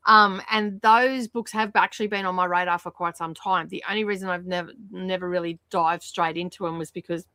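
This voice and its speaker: A woman's voice: fairly low pitch, fairly even intonation, brisk, few pauses, sharp tone, dry recording. A woman hosting a casual reading livestream, chatty and laughing often, with lots of fillers. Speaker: livestream host. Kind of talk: casual chat with viewers.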